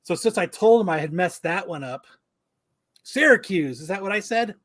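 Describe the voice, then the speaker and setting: A man co-hosting a podcast, telling a story in a casual, animated way, swearing and acting out both sides of the conversation. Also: high-pitched, normal speed. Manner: animated, profane, acts out quoted exchanges. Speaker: podcast co-host.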